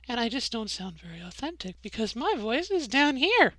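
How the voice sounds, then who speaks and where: A woman's voice: fairly high pitch, sing-song, moderate pace, hardly any pauses, a bit bright, dry recording. A middle-aged woman talking through her voice training in a casual video diary, rambling and correcting herself as she goes. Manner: rambling, self-correcting, demonstrating her own voice. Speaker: vlogger.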